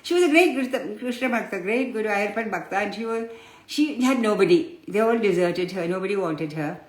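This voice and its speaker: A woman's voice: mid-range voice, lively intonation, fairly quick. A woman giving a spiritual discourse who explains patiently and tells stories, addressing her listeners fondly as children. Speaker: spiritual teacher. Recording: roomy echo.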